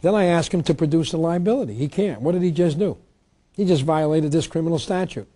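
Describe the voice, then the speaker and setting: A man's voice: fairly high pitch, fast, mellow. A man giving an emphatic public lecture on tax law, reading legal text aloud. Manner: emphatic, reads statutes aloud.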